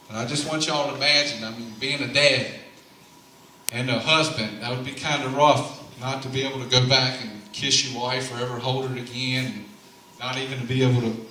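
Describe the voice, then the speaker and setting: A man's voice: mid-range voice, steady tone, a little fast, pushed and bright, a little hiss or hum. A man narrating a Bible story at a church play, in a homespun, drawling way with preacher-like asides. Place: large church sanctuary. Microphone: far camera. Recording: very echoey hall, recorded from far off.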